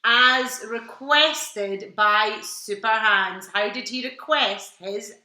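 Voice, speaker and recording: Unhurried, bright British female co-host at home; roomy sound, teasing and joking. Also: fairly high pitch. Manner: teasing, joking, swears casually. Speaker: quiz co-host. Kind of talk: live online quiz hosting. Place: home room. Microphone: home computer mic.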